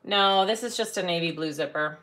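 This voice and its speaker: Her voice is fairly low, brisk and sharp-toned. A middle-aged shop owner and sewing teacher, she hosts a live tutorial, describing steps while working, chatting easily and humming filler sounds as she sews.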